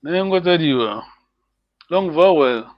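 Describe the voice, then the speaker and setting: Encouraging teacher guy on a video call, talks slow, laughs a lot, muffled dry sound. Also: on the high side, animated, no echo. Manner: patient, encouraging, laughs often. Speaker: language teacher. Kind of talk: online language lesson. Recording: dull lo-fi video call audio.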